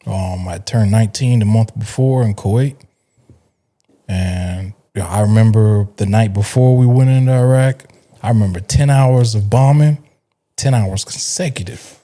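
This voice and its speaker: A man's voice: fairly low pitch, dark tone. A man in his forties, a veteran guest, speaking casually and emphatically, repeating words to stress them. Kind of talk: casual chat.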